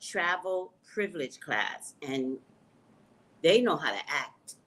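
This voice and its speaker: Lively low-voiced woman chatting on a live stream. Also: slow. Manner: exclamatory, laughs often, calls on the Lord. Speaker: psychic reader hosting a live stream. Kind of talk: casual live-stream chat with viewers.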